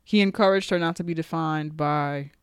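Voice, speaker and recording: A woman's voice: sits low, normal speed, clean tone, no room sound, clean studio sound. A woman co-hosting a podcast, casually recapping a TV episode with lots of fillers and swearing. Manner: chatty, profane, animated storytelling with frequent fillers. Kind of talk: casual chat.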